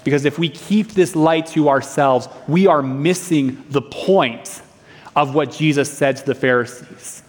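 A man's voice: on the high side, measured pace. A young man preaching a sermon in a church, telling a personal story in an earnest, conversational way. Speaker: pastor. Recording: long reverb of a hall.

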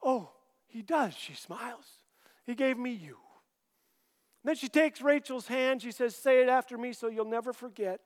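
High-voiced man telling wry stories, hall echo. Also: normal speed. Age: middle-aged. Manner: gentle, wry storytelling with dry punchlines. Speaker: Christian humorist and author. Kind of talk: storytelling talk.

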